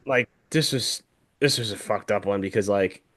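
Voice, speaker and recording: A man's voice: fairly low pitch, moderate pace, fairly bright tone. A young man, a podcast co-host, telling an emotional story in casual chat, swearing heavily as he talks.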